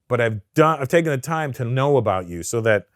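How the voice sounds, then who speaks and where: A man, a comedian, talking candidly in an interview, blunt and profane and quick to act out what others say. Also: mid-range voice, dry recording, studio quality. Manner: blunt, profane, animated storyteller. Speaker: comedian guest.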